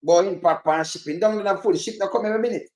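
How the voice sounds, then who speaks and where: A man with a Jamaican accent giving loose, animated reaction commentary on a clip, rambling and swearing as he goes. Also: sits high, quick pace. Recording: roomy echo.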